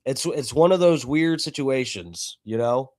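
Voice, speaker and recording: A streamer chats with his viewers in a mid-range, slightly mellow voice with lively intonation, speaking a little slowly. He is casual and curses freely as he talks to the chat.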